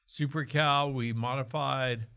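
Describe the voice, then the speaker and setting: A man's voice: medium pitch, steady tone, takes it slowly, vocal fry, pushed and bright, smooth. A man from Oklahoma talking casually about health as a co-host, explaining with asides and jokes. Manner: chatty, explanatory, jokes and restarts.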